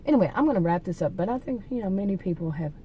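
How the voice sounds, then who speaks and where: Speaking quickly with warm, lively intonation at a medium pitch, this channel host tells her viewers a story in a loose, casual ramble packed with fillers and false starts. The audio is poor, and some background noise creeps in.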